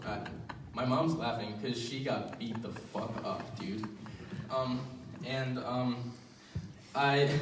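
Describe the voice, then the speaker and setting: A young man works through his stand-up set, rambling and self-deprecating, leaning on ums and restarts. He sits at an ordinary middle pitch, and the mic catches him from some distance. The small venue adds a roomy echo over a faint background hum. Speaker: stand-up comedian.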